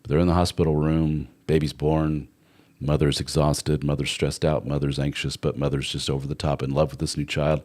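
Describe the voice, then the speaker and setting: A man's voice: rumbling low, level tone, normal speed, a little mellow. A man hosting a live relationship advice stream, talking casually and bluntly, with some swearing and playful mock voices for the people he quotes.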